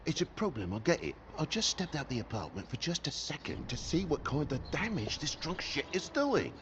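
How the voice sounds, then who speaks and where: A man's voice: a little high, big pitch swings, normal speed, fairly bright tone, a little hiss or hum. An actor with an English accent playing a down-on-his-luck male toad living in a tenement, pleading and swearing in a video game. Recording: dull, lo-fi game audio with faint ambience.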